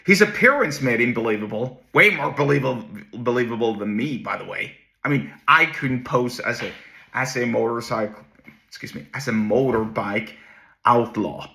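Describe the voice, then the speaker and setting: A man talks casually on his own show, rambling and restarting his sentences as he goes. His voice is bright and forward, and it sits at an ordinary middle pitch. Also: normal speed, vocal fry. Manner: rambling, many restarts and asides. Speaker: host. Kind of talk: casual solo talk.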